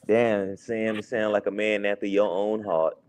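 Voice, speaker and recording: A man's voice: lowish voice, little pitch movement, normal speed, darkish tone. A man joining a casual chat and teasing a co-host.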